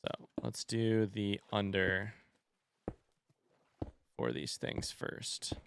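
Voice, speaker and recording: A man's voice: lowish voice, very animated, very slow, vocal fry, slight background noise. A man streaming a building game, thinking aloud, counting under his breath and trading dry sarcastic jokes with his chat. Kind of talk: casual gameplay commentary.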